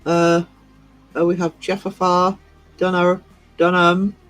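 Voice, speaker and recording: In a rough, echo-free recording with faint music behind, a male livestream host reads chat aloud and giggles. His high voice is a bit bright, completely flat in delivery, and slow.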